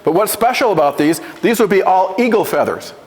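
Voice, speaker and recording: A man with a high voice gives a talk to a class, stumbling over restarts and asking the room to repeat after him. A long reverb trails behind him in the school hall. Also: lively intonation, brisk. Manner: stammering restarts, questions to the class. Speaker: visiting Oneida presenter at a school. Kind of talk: classroom presentation with call-and-repeat.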